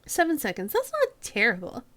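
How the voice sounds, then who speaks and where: A woman's voice: fairly high pitch, huge pitch swings, brisk, a bit bright, dry recording. A woman streamer chatting casually and reading a game aloud, talkative and self-deprecating.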